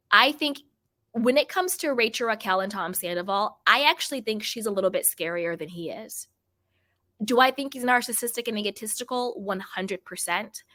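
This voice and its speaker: A woman talks straight to her viewers about reality TV drama in a chatty, emphatic way. She often repeats a phrase to hammer a point home. Her voice is bright and forward. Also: mid-range voice. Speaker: host of a pop culture channel. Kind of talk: reality TV gossip commentary.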